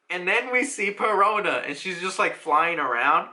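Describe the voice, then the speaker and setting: A high-voiced, very bright man chatting casually through his reaction to a manga chapter. He is animated and laughs often, and he swears offhandedly. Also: normal speed.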